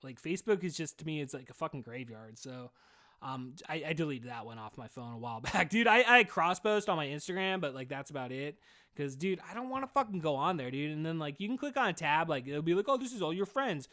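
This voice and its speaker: A man hosting a solo podcast, talking in a loose, rambling monologue. He swears constantly and keeps calling the listener "dude." His voice sits a little high for a man. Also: expressive, fast, pushed and bright. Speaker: podcast host.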